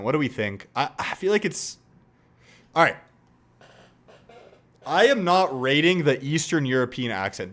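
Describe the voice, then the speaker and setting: Young male streamer, lively swooping delivery, casual reactive commentary, quick to laugh and curse. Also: mid-range voice. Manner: animated, laughing, swearing, mocking impressions.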